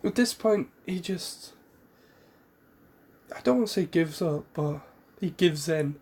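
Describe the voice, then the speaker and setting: A man's voice: fairly high pitch, animated, slow, darkish tone, breathy edge. A man casually retelling a fan story, rambling with fillers, self-corrections and the odd cough.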